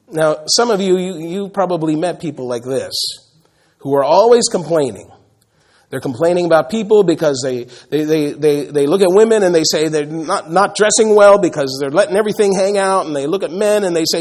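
A male pastor preaching a sermon in an animated way, acting out the voices he quotes and repeating words as he builds a point. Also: sits high, normal speed.

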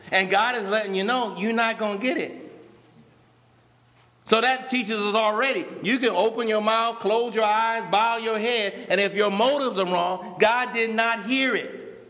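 High bright-voiced preaching man. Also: steady tone, in a large hall. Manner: preaching with slow drawn-out emphasis; addresses a responding congregation. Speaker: pastor. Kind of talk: sermon. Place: church.

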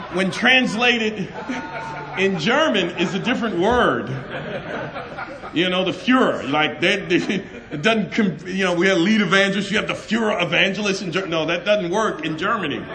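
A middle-aged man preaching a sermon, loud and animated, telling stories and laughing between them. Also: high-pitched. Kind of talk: lively storytelling sermon.

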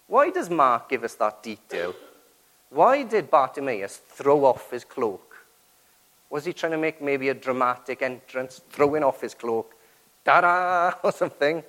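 A man's voice: fairly high pitch, low-quality recording. A man preaching a sermon to his church, acting out quoted prayers and asking rhetorical questions.

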